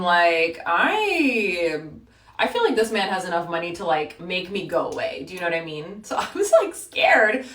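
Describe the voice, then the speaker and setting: A young woman in her twenties telling a storytime while getting ready, chatty and animated, full of "like". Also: fairly low pitch, normal speed, echoey room, recorded from a distance. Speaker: vlogger.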